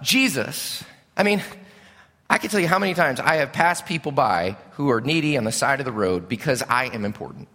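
A middle-aged male pastor preaching a sermon in an animated, conversational way, asking his congregation questions. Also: fairly high pitch. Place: church sanctuary. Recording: long hall reverb.

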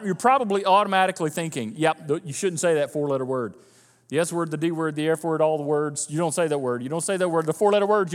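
A high-voiced male pastor preaches in a lively way, acting out the people he quotes. His voice carries a long reverb from the church hall. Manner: animated, acts out quoted voices of listeners. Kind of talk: sermon.

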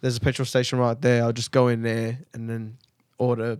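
A man's voice: medium pitch, monotone, a little fast, a little mellow, clean tone, dry recording, studio quality. A young man telling a long, profane story in casual chat, laughing often and repeating himself. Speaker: podcast co-host.

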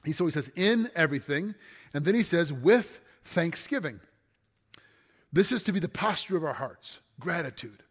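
A man preaching with an earnest, steady delivery, his voice sitting a little high for a man. He often sinks to a hushed, soft tone on key phrases. A long reverb trails behind him as in a large hall. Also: fast, hardly any pauses, slightly rough. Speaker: pastor. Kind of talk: sermon.

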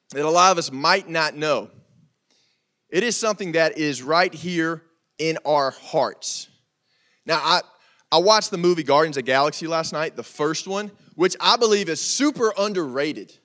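A man's voice: on the high side, fairly bright tone. A young man preaching a casual youth sermon, joking and talking straight to the crowd in a church room. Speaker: youth pastor.

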